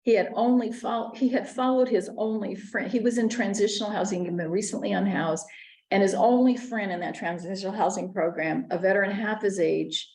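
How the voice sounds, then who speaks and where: Woman speaker with a gravelly voice. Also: mid-range voice, brisk, a little mellow, roomy sound, poor audio. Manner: earnest, narrates personal stories with small restarts. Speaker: conference speaker. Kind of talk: storytelling lecture.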